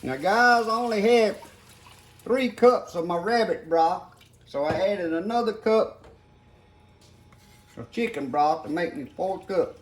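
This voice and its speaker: This older home cook has a high-pitched, folksy voice and takes his time, pausing often. Giving a casual cooking demonstration in his home kitchen, he addresses viewers as "guys" while working, against a faint backdrop of sizzling and clattering pots.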